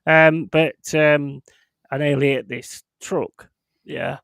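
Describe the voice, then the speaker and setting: Gravelly-voiced man swearing through stories. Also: a little high, takes it slowly, fairly bright tone, no room sound, clean studio sound. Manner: swears heavily, laughs through rambling anecdotes. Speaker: streamer hosting a football watchalong. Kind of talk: casual chat.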